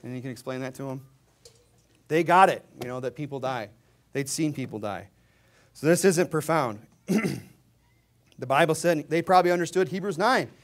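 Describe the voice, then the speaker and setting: A man preaching a sermon, swinging between low asides and loud, emphatic readings of scripture, mocking the views he argues against. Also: normal speed, pauses often. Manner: mocking, mimics opponents' views.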